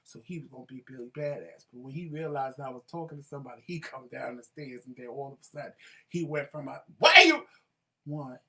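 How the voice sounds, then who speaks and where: A man's voice: medium pitch, fast, low-quality recording. A man co-hosting a talk show, telling a home story in casual chat and acting out the voices in it. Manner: animated, acts out voices in anecdotes.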